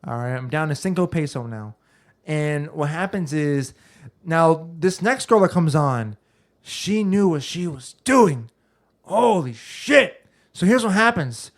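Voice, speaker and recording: Brief: young male podcast co-host, slightly higher voice, rambling and crude storyteller, heavy swearing. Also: animated, a little slow. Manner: rambling storyteller, swears a lot, restarts often. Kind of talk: casual crude chat.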